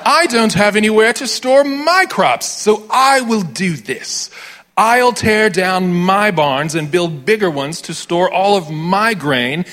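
A man playing a greedy, self-absorbed rich man with a posh British accent, in a high, drawn-out mocking voice. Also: lively intonation, sharp tone, long reverb tail, heavily acted. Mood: mocking, smug.

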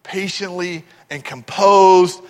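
A man's voice: high voice, steady tone, takes it slowly, long reverb tail. A man from Texas preaching a sermon, telling stories with animation and putting questions to the congregation. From Texas, USA. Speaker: pastor.

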